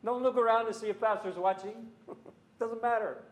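A man preaching a sermon in a church, earnest and full of rhetorical questions, sometimes rising to loud emphasis. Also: high-pitched, fairly even intonation, fairly quick, echoey room.

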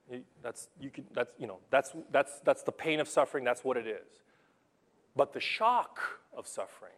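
A young adult man, both pastor and basketball coach, preaches a sermon in a conversational, animated style with a mid-range voice. He tells stories from his coaching and acts out what people said.

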